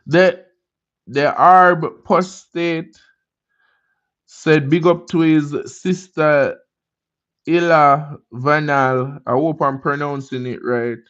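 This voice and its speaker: Man, Jamaican accent, livestream host, unhurried, greets viewers by name, slightly muffled audio. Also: fairly high pitch, fairly even intonation, fairly bright tone. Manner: laid-back, drawn-out, greets viewers by name. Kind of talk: casual live chat answering viewer comments.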